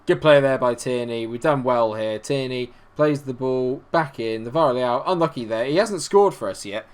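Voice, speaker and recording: A man's voice: medium pitch, moderate pace, clean tone. A man giving a blunt, sweary running commentary while playing a football management game. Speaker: video game player. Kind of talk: let's play commentary.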